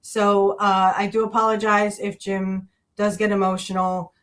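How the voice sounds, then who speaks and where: A woman's voice: mid-range voice, level tone, measured pace, a bit bright. A woman hosting a podcast, chatting casually with many fillers and restarts. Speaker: podcast host. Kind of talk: casual chat. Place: indoor room with wrestling display behind her.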